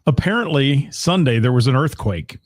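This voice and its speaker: A man's voice: medium pitch, expressive, moderate pace, dry recording, clean studio sound. A middle-aged man from Ohio, co-hosting a casual live-streamed chat from home and greeting viewers by name. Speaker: co-host of a live-streamed talk show.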